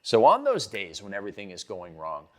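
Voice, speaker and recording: A man's voice: lowish voice, wildly swooping pitch, a little fast. A middle-aged man, a success coach, giving a motivational talk with emphatic, punchy repetition.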